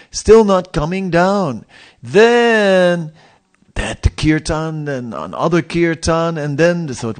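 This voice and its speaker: A man giving a spiritual sermon, telling stories and asking rhetorical questions, often pausing and restarting. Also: on the high side. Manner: animated storytelling with rhetorical questions; halting, with frequent restarts and pauses. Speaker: spiritual teacher giving a lecture.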